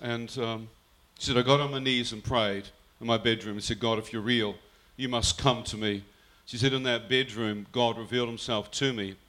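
A man's voice: mid-range voice, steady tone, moderate pace, hardly any pauses, sharp tone. A man telling a personal faith story earnestly, often quoting his mother's words. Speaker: guest telling his testimony.

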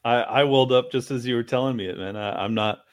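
A man's voice: mid-range voice, fast, clear, resonant tone, no room sound. A man hosting a casual chat, sympathetic and thoughtful in his reply. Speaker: host.

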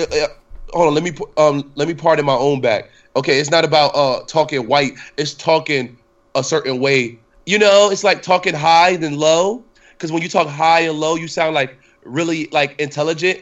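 A man's voice: medium pitch, fairly bright tone, highs cut off. A young man hosting a casual podcast, rambling and profane, with many fillers and restarts. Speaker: podcast host.

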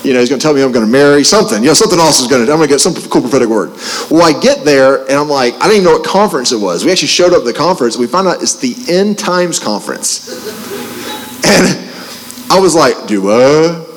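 A man preaching, telling a personal testimony in an animated way, with restarts and joking asides. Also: fairly high pitch, quick pace, slight background noise. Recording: long hall reverb.

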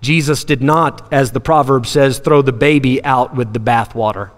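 A man preaching a sermon, animated, acting out Bible scenes in different voices and laughing often. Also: mid-range voice, moderate pace. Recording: long hall reverb.

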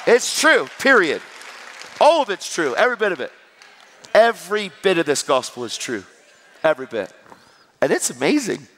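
Animated preacher man in a reverberant hall. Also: sits high, normal speed, long pauses, a faint crowd. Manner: animated and conversational, swinging between loud and hushed. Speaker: evangelist. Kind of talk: preaching a personal testimony. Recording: long reverb of a large hall.

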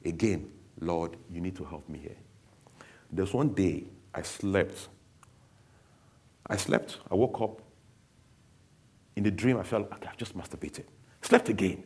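A man's voice: sits low, slow, vocal fry, long pauses, darkish tone, slightly rough. A man giving a candid, emotional personal testimony to an audience, speaking bluntly.

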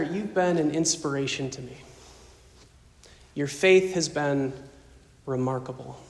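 A man preaching a farewell sermon as pastor, speaking softly and emotionally with slow pauses. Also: on the high side, gravelly, long reverb tail.

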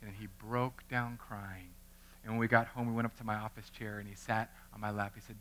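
A man in his thirties, a pastor, preaching a sermon through an animated personal story and acting out the voices in it. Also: fairly low pitch, brisk.

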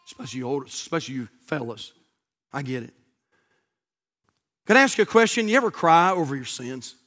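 High, bright preacher man. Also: very animated, brisk. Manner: dynamic, swings from shouting to near whisper. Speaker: pastor. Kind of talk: sermon. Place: church sanctuary.

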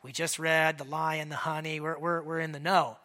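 A man's voice: on the high side, moderate pace. A male pastor preaching a sermon in a conversational, joking way, acting out quoted lines with a raised voice. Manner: conversational, joking, animated Bible teaching.

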